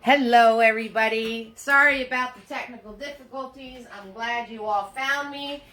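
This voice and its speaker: A bright, high-ish woman's voice runs a live painting party, chatty and upbeat. She greets her viewers one by one and talks steadily through the brushwork. She is picked up by a phone sitting in a holder. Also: steady tone, moderate pace, soft background music. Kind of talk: live-streamed painting class.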